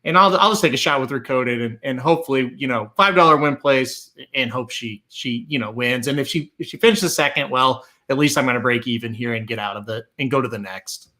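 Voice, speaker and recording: A man co-hosting a horse racing podcast, giving his betting picks in a blunt, animated way with casual swearing. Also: medium pitch, fairly quick, hardly any pauses. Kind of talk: casual betting analysis chat.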